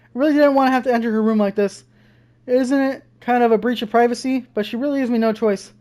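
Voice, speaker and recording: On the high side and warm in tone, this young woman's voice moves fast with fairly even intonation. As a gaming streamer doing a let's-play of a visual novel, she reads the text aloud and periodically swears in fear, faint game music audible.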